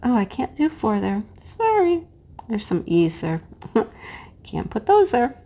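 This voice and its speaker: Middle-aged female crafter, hoarse and cracking, chatty and homey, talks slowly while she works. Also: on the high side, wildly swooping pitch. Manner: chatty and homey, drops to a hush while placing pieces. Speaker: crafting vlogger and teacher. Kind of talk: casual chat while diamond painting.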